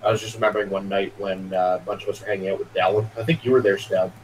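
A man's voice: low-pitched, level tone, very fast, a little hiss or hum, rough recording. A man co-hosting a casual online chat, easily telling an anecdote. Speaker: podcast co-host.

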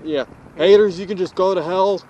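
High-voiced young guy vlogging outdoors. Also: fairly even intonation, moderate pace, darkish tone, muffled recording, a little hiss or hum. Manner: joking, chatty, talks to viewers. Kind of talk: casual walking vlog. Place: outdoors on a road.

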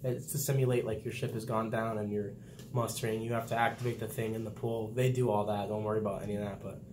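A man's voice: on the low side, fast talker, slight background noise. Young man telling stories about boot camp. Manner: animated storytelling, laughs often, acts out quotes loudly. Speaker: vlog host, Navy sailor. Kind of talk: casual chat.

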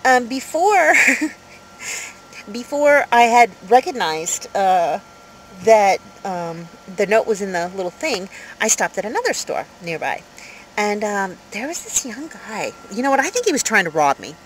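A woman in her fifties telling a story to camera in a casual vlog, rambling and animated, with many fillers, from inside her van. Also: medium pitch, unhurried, a little hiss or hum, rough recording. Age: 50s. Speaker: vlogger.

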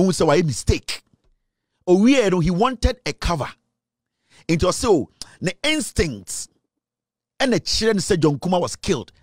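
A man's voice: a little high, no echo, clean studio sound. Ghanaian man hammering out emphatic commentary. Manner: forceful, hammering rhetorical questions. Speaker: political commentator.

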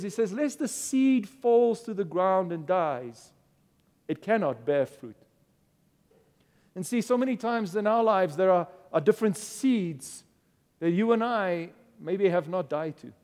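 A man's voice: high-pitched, darkish tone. A man preaching a sermon as a pastor, earnest and stumbling over repeated words as he builds his points. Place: church. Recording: reverberant church hall.

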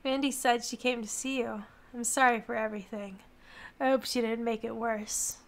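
A woman reading the apology message of a remorseful young man in a visual novel, quiet and pleading. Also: fairly high pitch, fairly even intonation, normal speed, voice pushed down, close to an everyday voice.

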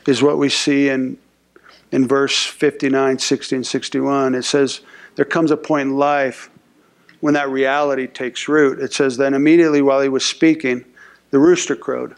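Gravelly-voiced male pastor preaching. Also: medium pitch, little pitch movement, moderate pace. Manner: conversational, acts out voices of people and God, repeats words. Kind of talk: sermon.

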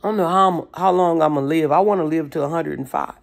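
Gravelly-voiced motivational vlogger, preachy and emphatic, casual street slang. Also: medium pitch, fast. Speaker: motivational speaker. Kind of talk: motivational talk.

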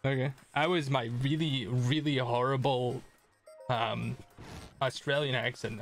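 A man's voice: mid-range voice, fairly even intonation, measured pace, soft background music. Rambling, swearing male game streamer. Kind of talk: casual gameplay commentary.

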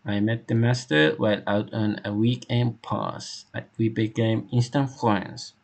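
A man voicing a loyal male butler with a rough past, earnest and deferential, in a game read-aloud. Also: on the low side, unhurried. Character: devoted male butler, former convict, loyal.

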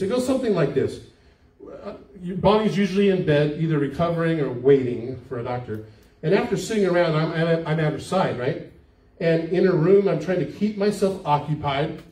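In a church sanctuary, a warm-voiced older man with a fairly high pitch preaches a sermon. The pastor talks conversationally and asks his congregation questions, and the audio is echoey, with the microphone placed far away in the hall.

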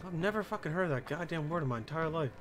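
A man doing let's play commentary, excitable and profane, talking to himself as he plays. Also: a little high, quick pace, soft background music. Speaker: gaming commentator.

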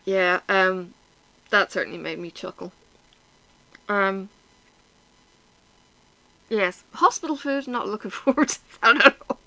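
A woman's voice: medium pitch, unhurried, creaky, pauses often, sharp tone, no room sound, poor audio. A woman, chatting frankly and bluntly to her viewers in a casual vlog, teary and sniffling. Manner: blunt, frank and self-mocking, with swearing and laughs. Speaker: vlogger.

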